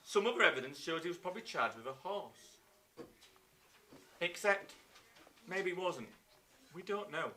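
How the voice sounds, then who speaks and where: A man with an English accent teaching a live online history lesson to children, telling the story with lively acted-out voices. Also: high voice, moderate pace, pauses often. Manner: lively storytelling, acts out scenes in silly voices. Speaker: primary school teacher.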